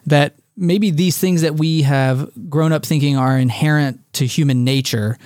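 A man's voice: on the high side, a little slow, darkish tone, no room sound, studio quality. A man hosting a podcast, thinking aloud as he frames long questions for his guest. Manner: thoughtful, thinking aloud while framing questions. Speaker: podcast host. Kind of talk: casual interview talk.

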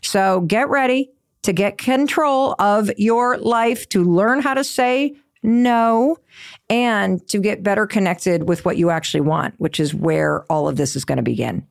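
A woman's voice: medium pitch, a little slow, vocal fry. Middle-aged woman, podcast host, gushing storyteller who acts out the quotes with gasps.

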